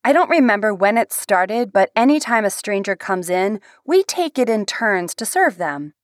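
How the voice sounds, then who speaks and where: A woman narrating a first-person novel aloud in an expressive storytelling manner. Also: medium pitch, moderate pace, dry recording, studio quality.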